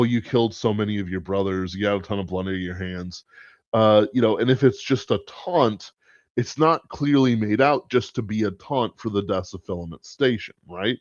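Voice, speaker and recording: This podcast host's voice is lowish with a darkish tone as he rambles through off-the-cuff commentary, cursing here and there. It's a dull lo-fi recording, dry with no room sound.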